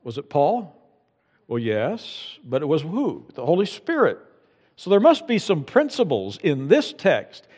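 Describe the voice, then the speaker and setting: Lively male pastor preaching in a reverberant hall. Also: on the high side, a little slow, husky. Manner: lively storytelling preacher, conversational asides. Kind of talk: sermon. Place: church sanctuary with long reverb.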